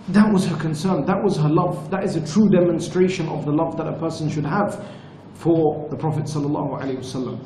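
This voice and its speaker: A man with a mellow, fairly high voice teaches at a retreat and tells his stories in an earnest, measured way. The room is echoey, and a faint ambience sits behind him. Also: a little hiss or hum. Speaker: religious teacher. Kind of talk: storytelling lecture.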